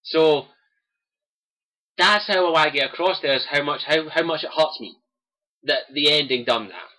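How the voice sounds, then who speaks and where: Here the young Scottish gaming streamer speaks a little slowly, his voice slightly high with a sharp edge. He addresses viewers in an earnest, passionate personal monologue, repeating his main phrases.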